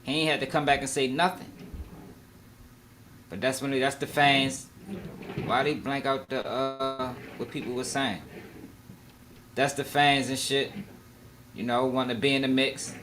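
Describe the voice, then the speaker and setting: A man's voice: mid-range voice, flat delivery, unhurried, pauses often. A man giving casual, slangy live reaction commentary, talking freely and laughing along. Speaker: reaction streamer.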